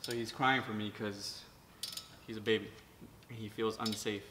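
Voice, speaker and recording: A man's voice: on the low side, fairly even intonation, moderate pace, long reverb tail, noisy background. A man, a mechanic, chatting casually as he works in his repair shop, explaining each step and swearing now and then. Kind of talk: casual how-to vlog.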